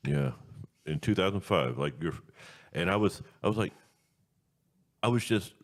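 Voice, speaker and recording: Real deep guy hosting a podcast, kinda rambly, trips over his words a lot. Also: lively intonation, normal speed. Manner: rambling, repeats words and restarts. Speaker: radio show host. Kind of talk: casual podcast chat.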